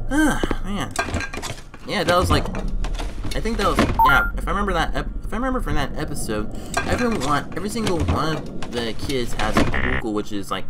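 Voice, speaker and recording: A woman giving let's play commentary on a game, excitable and exasperated, talking to the character on screen. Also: sits low, brisk, heavy background noise. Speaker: gamer. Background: game music.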